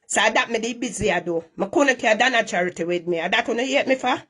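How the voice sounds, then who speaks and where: Middle-aged jamaican woman ranting on a live, fairly high voice, scolds and repeats herself. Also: fast talker, a bit bright. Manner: scolding, repetitive, Patois-heavy.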